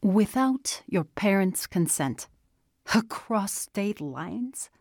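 A woman reading a calm, questioning teenage boy. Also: medium pitch, no echo, clean studio sound. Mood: pressing. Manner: questioning, measured, gently pressing. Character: calm, probing teenage boy, a caring friend.

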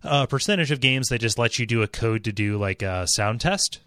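A man hosting a casual chat about video games, relaxed and leading the conversation. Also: mid-range voice, fairly quick, no echo, clean studio sound. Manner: relaxed, leads the segment and hands off readings.

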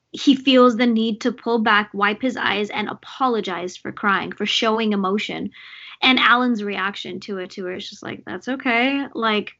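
Bright, animated young woman chatting. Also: medium pitch, creaky. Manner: animated, lots of fillers and laughter. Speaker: co-host discussing a movie. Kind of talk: casual chat. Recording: dull lo-fi sound.

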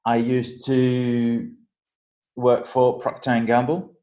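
A middle-aged man with a French accent talks as a podcast guest, relaxed and wry about himself. His voice sits at an ordinary pitch. The recording sounds muffled and lo-fi. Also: slow pace. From south of France. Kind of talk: casual interview. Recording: dull lo-fi sound.

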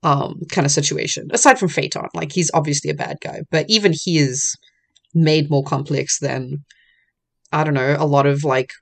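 Podcast panelist, casual chat, mid pitch, fillers, laughing. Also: fairly even intonation, normal speed, vocal fry. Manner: chatty, laughing, many fillers. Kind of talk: casual chat about a cartoon.

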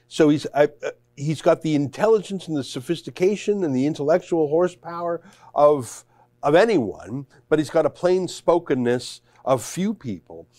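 A man's voice: on the high side, expressive, normal speed, warm tone, no echo. A man hosting a commentary talk show, chatting casually and hesitantly, with many fillers and restarts. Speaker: host.

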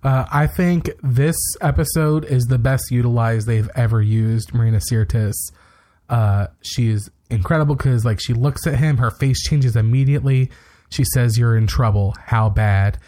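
A man talking through a TV episode for a podcast, acting out lines as he goes. His voice sits at an ordinary middle pitch, and his talk is casual and full of fillers and restarts. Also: fairly even intonation, moderate pace, warm tone. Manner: retells scenes with quoted lines, many fillers. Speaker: podcast co-host.

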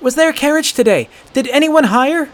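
A man putting on a frantic, hoarse orphan boy. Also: expressive, moderate pace. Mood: pleading. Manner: high, pleading, strained cries. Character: frantic street orphan boy, young and desperate.

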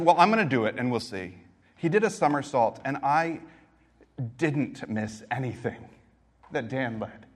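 A middle-aged male pastor delivering a sermon, his voice sitting at an ordinary middle pitch. He tells a personal story in a conversational way, then rises into emphatic exhortation. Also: husky. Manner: storytelling preacher, shifts between quiet reflection and emphatic exhortation.

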